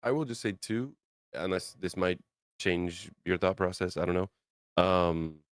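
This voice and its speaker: A man's voice: sits low, measured pace, no room sound, clean studio sound. A man playing a tabletop game, thinking aloud with hesitant restarts. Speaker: player. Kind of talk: tabletop game play, casual.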